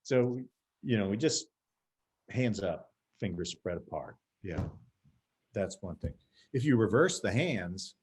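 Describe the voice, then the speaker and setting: Man, martial arts teacher, guest, lively pitch, animated storytelling, video call. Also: slow, long pauses, slightly rough. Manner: animated storytelling, acting out scenes. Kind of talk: casual video-call chat.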